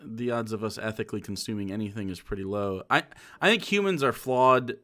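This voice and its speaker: Laid-back man with a lowish voice. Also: expressive, fairly quick, a bit bright. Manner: laid-back, chimes in with short agreements and musings. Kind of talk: casual chat.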